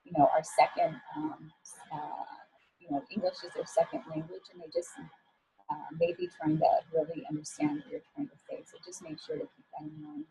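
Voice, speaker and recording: A woman's voice: sits low, very animated, brisk, vocal fry, mellow, slight background noise, poor audio. A woman working as an image coach, giving a talk on professional communication in a casual, encouraging way with frequent fillers.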